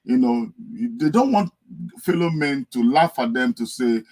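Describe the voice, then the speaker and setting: A man's voice: mid-range voice, animated, a little slow, a little mellow, low-quality recording. A man speaking on a podcast, earnest and telling stories to make his point. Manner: earnest, storytelling, acts out a wailing wife. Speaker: guest speaker. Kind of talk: podcast discussion. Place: United Kingdom.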